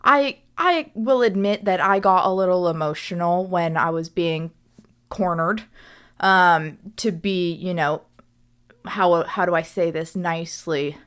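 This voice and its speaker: A woman's voice: on the low side, unhurried, a bit bright, smooth. A young woman hosting a reflective solo podcast as a coach, speaking earnestly and often checking in with "right?".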